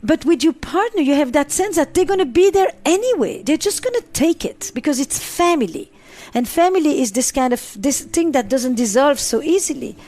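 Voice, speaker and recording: A woman's voice: high-pitched, sing-song, moderate pace, warm tone. A middle-aged woman psychotherapist answering interview questions, driving points home with repeated phrases and lists.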